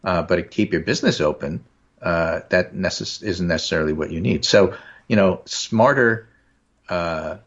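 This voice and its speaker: A man with a New York accent chats about politics in a low, husky voice, wry and a little rambling. The recording is dull and lo-fi, with the top end muffled. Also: normal speed, fairly bright tone. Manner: wry, rambling, reads quotes aloud. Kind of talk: casual political chat.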